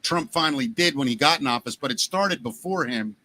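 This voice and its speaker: A man with a Baltimore accent hosting a podcast, telling jokey stories in a lively, animated way. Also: mid-range voice, fairly quick. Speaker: podcast host. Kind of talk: casual chat.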